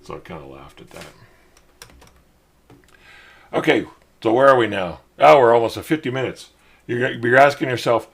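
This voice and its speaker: A middle-aged man hosting his own show, telling a rambling personal story in a casual way and getting animated when he quotes other people. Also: medium pitch, normal speed, gravelly, long pauses, husky. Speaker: podcast host.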